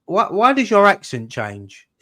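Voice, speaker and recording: A man's voice: high-pitched, huge pitch swings, measured pace, bright, forceful tone. A man joining a football fan show, bantering and joking, with casual swearing. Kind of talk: casual chat.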